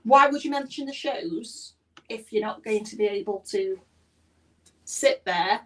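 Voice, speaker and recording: A woman's voice: medium pitch, a little slow. A woman hosting a casual podcast, chatty, reading out news items with her own asides. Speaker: podcast host. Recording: distant mic.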